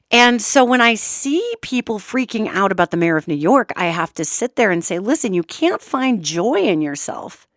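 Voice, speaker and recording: A woman host talking through a podcast monologue with a lively, swooping pitch, chatty and emphatic, repeating her points and swearing now and then. Her voice sits close and dry. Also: no echo. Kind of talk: talk show monologue.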